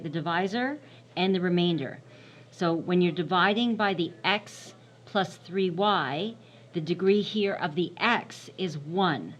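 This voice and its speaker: A woman's voice: lowish voice, highs cut off. A woman teaching a math lesson, repeating and stressing key terms and often checking in with "right?". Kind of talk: recorded classroom math lesson.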